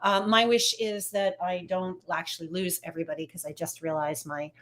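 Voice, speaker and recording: A woman's voice: on the low side, steady tone, normal speed, a bit bright. A woman hosting a casual phone livestream, giving psychic readings in a chatty, upbeat way and talking straight to her viewers.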